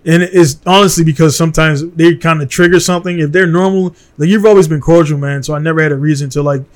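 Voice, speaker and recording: A blunt, worked-up man from Baltimore talks in a slightly higher than usual voice. He hosts a relaxed podcast conversation in a studio and keeps dropping "man" into his sentences. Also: quick pace. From Baltimore, USA. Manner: blunt and heated, peppers speech with "man".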